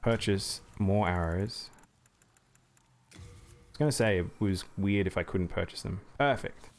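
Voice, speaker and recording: A man's voice: sits low, unhurried. A man streaming live gameplay, chatting with viewers as he plays. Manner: chatty, reacts to chat and thanks viewers.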